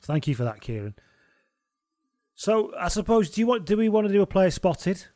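A man's voice: high-pitched, big pitch swings, normal speed, a little mellow, no echo, clean studio sound. A man co-hosting a podcast in casual, sweary, joking banter. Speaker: podcast co-host. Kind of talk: casual chat.

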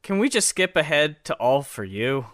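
A man's voice: fairly high pitch, sing-song, normal speed, a bit bright, dry recording, clean studio sound. A man who is a guest on a casual podcast, speaking in a laid-back way and retelling songs scene by scene.

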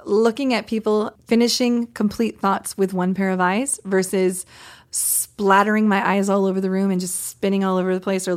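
Female podcast co-host, coach type, lively teaching delivery, mid-pitch. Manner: animated, demonstrates voices while teaching. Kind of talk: casual podcast chat.

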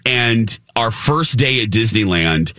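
Animated man telling a story, dry sound. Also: fairly low pitch, slow, no room sound. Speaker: podcast co-host. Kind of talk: casual chat.

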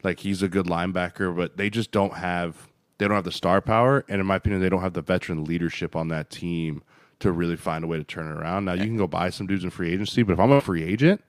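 A man co-hosting a sports podcast as a former lineman, talking football in a blunt, profane, animated way. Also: deep voice, fast talker, no echo. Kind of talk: casual sports chat. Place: podcast studio.

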